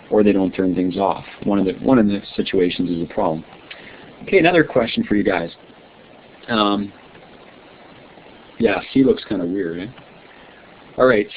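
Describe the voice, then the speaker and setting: A male teacher giving an online science lesson, quizzing his students in a friendly way and often checking with "right?". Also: on the low side. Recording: tinny lo-fi line with faint hiss.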